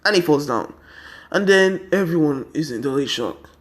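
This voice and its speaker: A man's voice: a little high, expressive, moderate pace, a bit bright. A tired young man casually narrating a fan story, rambling with constant 'and then' and 'he's like'.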